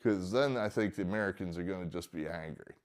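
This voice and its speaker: A man's voice: low voice, fast talker. A man giving casual, rambling solo political commentary from a barn, hesitant with many fillers and mocking outbursts.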